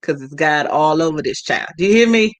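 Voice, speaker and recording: A woman's voice: deep voice, animated, fairly quick, no echo. A woman hosting a casual chat show with friends, speaking with heartfelt emotion that sometimes turns tearful. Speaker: host.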